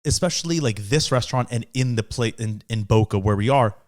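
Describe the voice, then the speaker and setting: A young podcast co-host with a medium-pitched voice tells a story at a brisk clip in casual chat. His retelling is animated, and he acts out the voices of the people he quotes.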